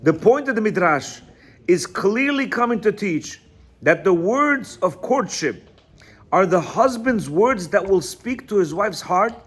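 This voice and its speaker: A man's voice: high voice, breathy edge. A man teaching a lecture on marriage, reading from a text and explaining it in a conversational, emphatic way with frequent asides. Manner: conversational, many "you know" asides, emphatic. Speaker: religious teacher.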